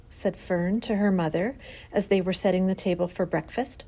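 A woman narrating a children's storybook aloud in an expressive reading style. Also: mid-range voice, measured pace, slightly rough.

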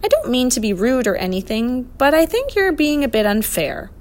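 A woman voicing a candid, gentle young girl who pleads earnestly, in a storybook reading. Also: fairly high pitch, lively intonation, moderate pace, close to an everyday voice.

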